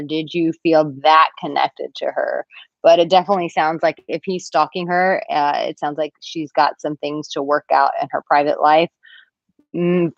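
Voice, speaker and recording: A woman in her thirties who coaches on dating and relationships answers her live-stream audience from a villa room at home, animated and talkative, performing their comments in squeaky, playful voices. Her voice runs slightly low for a woman. There's no echo, and the sound is dry and a little dull, typical of a home webcam mic.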